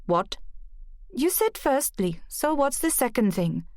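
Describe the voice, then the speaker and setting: A woman's voice: on the high side, big pitch swings, slow pace, darkish tone, no echo, clean studio sound, voice pushed up, exaggerated voice. A woman reading the part of a chatty, teasing pub landlady in an audiobook. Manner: bubbly, teasing. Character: chatty cheerful Welsh pub landlady, middle-aged.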